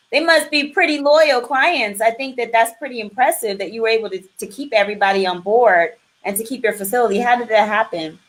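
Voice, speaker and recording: Female host of a live online talk show, warm and encouraging, reads out viewer comments. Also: a little high.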